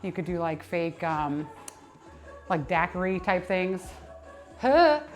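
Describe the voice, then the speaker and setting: A young woman chats on a livestream from the gym, rambling along with plenty of fillers and restarts. She sounds a little worn out between sets, and soft music plays faintly behind her. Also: lowish voice, fairly even intonation, a little slow. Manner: chatty, rambling, lots of fillers and self-corrections. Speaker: personal trainer and nutrition coach. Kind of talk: casual livestream chat while working out.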